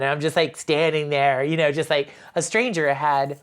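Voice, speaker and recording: A woman's voice: sits low, flat delivery, normal speed. A woman guest on a podcast talking in a rambling, casual way. She fills her speech with "you know" and "like", and acts out the voices in her stories. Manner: acts out quoted voices while telling stories. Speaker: podcast guest, spirits brand co-owner. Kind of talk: casual interview chat.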